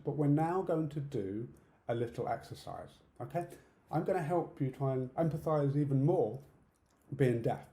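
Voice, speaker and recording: A man's voice: mid-range voice, warm tone. A middle-aged man from the UK with a British accent, giving an online conference talk in a direct, practical way, often checking in with "okay?". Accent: British English. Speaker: conference speaker. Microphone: video call setup. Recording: roomy echo.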